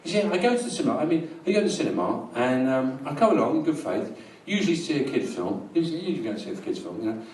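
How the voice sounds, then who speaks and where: A London comedian spins a long, absurd story with dry deadpan timing. He is recorded from a distance in a small live venue, so his voice has a roomy echo. The audience's laughter rolls up clearly behind him. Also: medium pitch, racing, hardly any pauses, slight background noise. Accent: London English. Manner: rambling deadpan storytelling, bursts into loud rants. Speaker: stand-up comedian. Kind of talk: stand-up routine.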